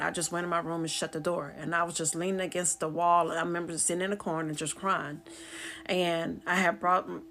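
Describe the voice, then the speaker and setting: A middle-aged Southern woman with a fairly low voice tells a personal story straight to her viewers. She talks in a plain, conversational dialect and gets loud and animated as she goes.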